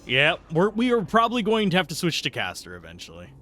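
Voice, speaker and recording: Chatty, lively male game streamer. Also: on the high side, quick pace, slight background noise. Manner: chatty, rambling, self-deprecating; reads and answers chat. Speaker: streamer playing a game live. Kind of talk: live gameplay commentary.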